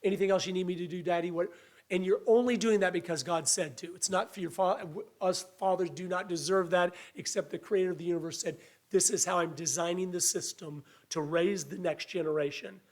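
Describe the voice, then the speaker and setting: A man's voice: high voice, moderate pace. A man preaching a sermon in an earnest, conversational way, his voice a little weak. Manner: earnest, conversational preaching with restarts and acted quotes.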